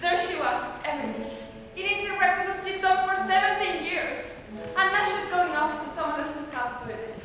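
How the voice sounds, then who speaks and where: A woman's voice: very high voice, lively intonation, normal speed, bright, forceful tone, slight background noise, full character voice. A woman playing a tearful fretful mother. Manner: emotional, pleading. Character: tearful, fretful middle-aged mother of the groom. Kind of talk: stage play acting. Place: theater stage. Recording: roomy hall, from far off.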